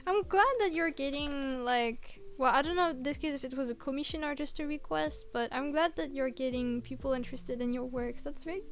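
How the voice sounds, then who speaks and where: A woman's voice: high-pitched, brisk, few pauses. A woman streamer chatting casually while she works, reading out viewers' messages and answering them encouragingly. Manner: soft-spoken, reads chat aloud, encouraging. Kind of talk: casual chat while working.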